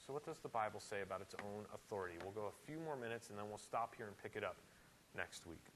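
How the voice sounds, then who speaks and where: A man preaching a sermon in a church, animated and emphatic, with sudden loud rises. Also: on the low side, quick pace, slight background noise, low-quality recording. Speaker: pastor.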